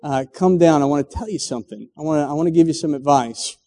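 A man's voice: a little high, fast, warm tone, lightly acted. A preacher playing a coaxing, reassuring man. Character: kind advising man. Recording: long hall reverb.

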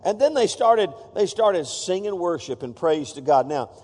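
A man's voice: high-pitched, animated, moderate pace, darkish tone. A man preaching a sermon to his congregation in a church, playful and feisty, stopping often to joke with the room. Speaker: pastor. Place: church sanctuary. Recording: long reverb of a church hall.

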